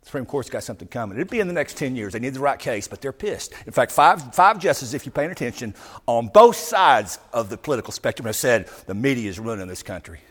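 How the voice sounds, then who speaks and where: A man giving an impassioned speech to a live audience, talking emphatically and swinging from loud outbursts to low asides. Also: expressive, fast, slightly rough. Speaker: public speaker addressing a live audience. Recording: long hall reverb.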